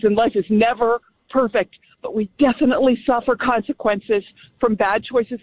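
A woman calling in to a radio show, speaking firmly and with deep conviction. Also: husky. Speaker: caller. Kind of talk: call-in talk radio. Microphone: telephone. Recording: tinny phone line.

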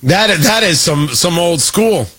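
Male talk-radio host, bright and lively, slightly husky, mocking and opinionated. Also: a little high, takes it slowly. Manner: sarcastic and mocking, with frequent restarts. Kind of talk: opinionated talk show monologue.

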